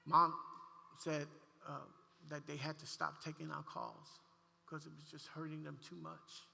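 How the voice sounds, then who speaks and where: High, gravelly preacher man in a reverberant hall. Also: a little slow. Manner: heartfelt, animated storytelling with frequent restarts. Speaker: pastor. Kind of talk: sermon storytelling. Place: church sanctuary. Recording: long church hall reverb.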